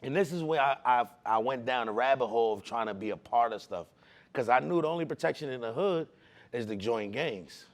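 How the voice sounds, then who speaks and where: A man from the Bronx, telling his personal testimony in a casual, animated way with street slang. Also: medium pitch, gravelly. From the Bronx, New York. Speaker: speaker giving a personal testimony.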